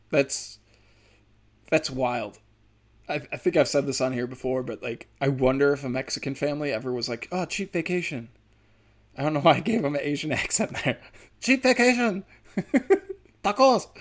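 A man, a stand-up comedian with a speech impediment, riffing in a rambling, profane podcast monologue. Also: medium pitch. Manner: rambling, profane, many fillers.

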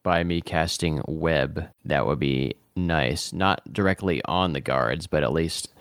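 A man's voice: a bass voice, measured pace, no echo, studio quality. A man playing as a guest in a tabletop game, methodically talking through plans step by step. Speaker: guest player.

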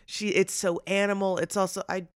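Woman, casual film chat, animated, lots of likes, dry close mic. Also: mid-range voice, moderate pace, clean tone, no room sound. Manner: chatty, animated, many fillers. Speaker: podcast co-host and actor.

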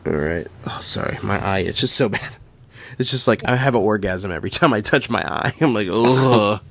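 A man's voice: on the low side, expressive, brisk, fairly bright tone. A man hosting a casual podcast game, talking loosely, laughing and swearing into a podcast microphone. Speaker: podcast host running a guessing game.

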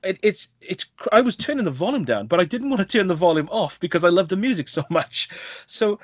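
A man co-hosting a podcast, chatting casually about games in a rambling, animated way full of fillers and restarts. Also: high-pitched, brisk, dry recording, dull audio. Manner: rambling, many fillers and self-corrections, animated. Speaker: podcast co-host.

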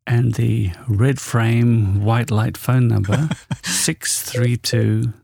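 A man's voice: medium pitch, drawn-out words, vocal fry, darkish tone, husky, no room sound, clean studio sound. A man from the UK co-hosting a casual music podcast, talking thoughtfully with hesitations. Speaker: podcast co-host.

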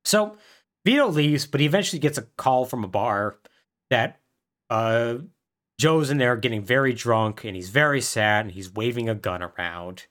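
A podcast co-host casually recaps a plot with lots of energy, acting out the characters' lines in quick voices. His voice is medium in pitch.

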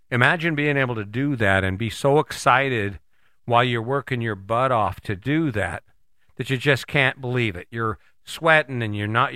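A man's voice: medium pitch, fairly bright tone, dry recording. A man hosting a motivational monologue, talking casually and rambling with frequent restarts.

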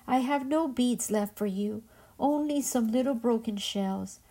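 A woman's voice: on the high side, a little slow, dark tone. Woman reading a poor old father, apologetic and tired. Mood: sorry. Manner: apologetic and weary.

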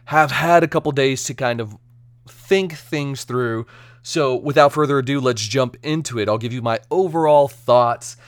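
A man hosting a casual solo podcast review, chatty and energetic, now and then slipping into silly joke accents. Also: medium pitch, moderate pace, smooth, no echo. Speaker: podcast host.

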